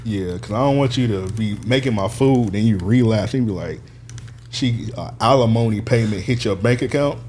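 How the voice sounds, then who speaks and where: A man's voice: lowish voice, moderate pace, a little mellow, a little hiss or hum. A man on a casual podcast, telling a long story, swearing freely and laughing as he goes. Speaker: podcast co-host. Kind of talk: casual chat.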